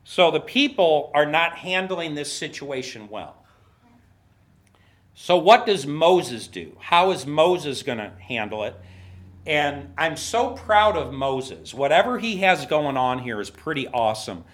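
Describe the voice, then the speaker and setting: A man preaching a sermon as a pastor, acting out quoted voices with big jumps in pitch and poking fun at himself. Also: very animated, unhurried, a bit bright. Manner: self-mocking humor, laughs at himself. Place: church.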